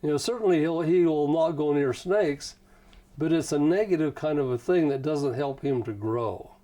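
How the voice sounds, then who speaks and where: This interview guest has a rather high, dark-toned male voice and speaks at a normal speed. He rambles along in a folksy manner, frequently dropping "you know" as he spins casual stories.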